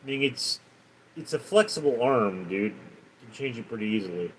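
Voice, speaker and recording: A man's voice: mid-range voice, expressive, normal speed, a little hiss or hum, low-quality recording. Casual man chatting on a live stream. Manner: reads out viewer names and comments, then answers them chattily with stories. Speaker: livestream host.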